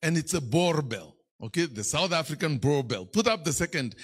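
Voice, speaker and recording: Husky Kenyan bishop, lively sermon. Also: male voice, on the high side, moderate pace. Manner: playful storytelling, teasing the congregation. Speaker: bishop preaching. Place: church.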